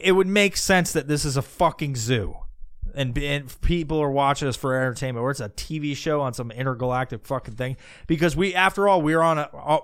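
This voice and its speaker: Crude ranting man, clear voice. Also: fairly high pitch, no echo, studio quality. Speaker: podcast host. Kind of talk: profane comedic rant.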